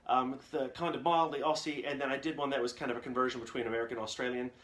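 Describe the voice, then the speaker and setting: A man's voice: mid-range voice, fairly even intonation, racing, a bit bright. Rambling man giving voice-acting advice. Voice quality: plain everyday nerdy male voice. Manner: rambling and candid, with frequent restarts. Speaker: voice actor hosting a live Q&A. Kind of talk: casual advice chat.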